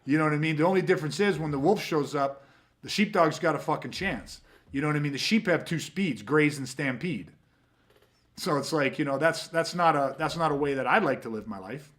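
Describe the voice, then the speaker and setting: A man's voice: fairly high pitch, a little fast, fairly bright tone. A man hosting a podcast, talking in a blunt, emphatic, profane way. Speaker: podcast host. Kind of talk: casual podcast talk.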